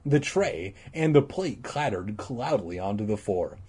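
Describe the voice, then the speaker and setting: Man reading aloud, husky and lively. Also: lowish voice, unhurried. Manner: irreverent, stumbles and corrects himself. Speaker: reader. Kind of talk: casual read-aloud of a children's book.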